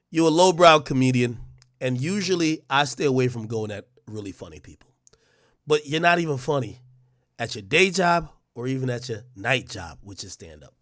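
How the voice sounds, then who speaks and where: A man's voice: fairly high pitch, sharp tone, no echo, clean studio sound. A man hosting a livestream, delivering a brash, profane roast monologue full of mocking jabs and stammered restarts. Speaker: livestream host.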